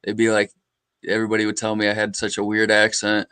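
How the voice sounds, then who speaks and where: A man's voice: on the low side, completely flat delivery, quick pace, pushed and bright, clean tone, dry recording. A man from Illinois with an Illinois accent, a call-in guest chatting bluntly and laid-back, swearing freely. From Illinois, USA. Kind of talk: casual livestream chat.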